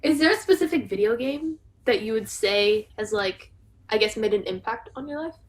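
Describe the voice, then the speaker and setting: Lady podcast cohost on a video call, high-ish voice, chatty and laughing. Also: expressive, moderate pace. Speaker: podcast co-host interviewer. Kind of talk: casual chat over video call.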